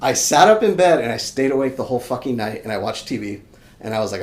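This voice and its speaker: A young adult man, a podcast guest, telling a story in casual chat, animated and swearing freely, acting out his own shouts. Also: medium pitch, fast talker. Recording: echoey room, faint background noise.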